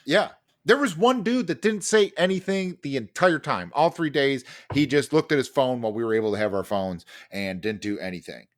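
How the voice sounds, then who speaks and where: Lively, animated man telling a story. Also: medium pitch, normal speed. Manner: animated storytelling, heavy fillers and swearing. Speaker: podcast co-host. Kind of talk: casual chat.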